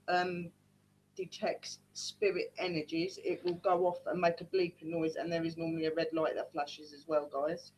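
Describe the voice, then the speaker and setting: A woman's voice: lowish voice, slight background noise, low-quality recording. A woman leading a paranormal team, chatting casually to viewers during a live-streamed ghost hunt from her home, often calling them "guys". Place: at home indoors.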